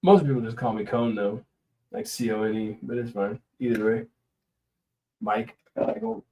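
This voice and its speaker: A man's voice: medium pitch, animated, moderate pace, dark tone, rough recording. Chatty man rambling on a livestream. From US West Coast. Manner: rambling, chatty, laughs often. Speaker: livestream host. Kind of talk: casual live-stream chat.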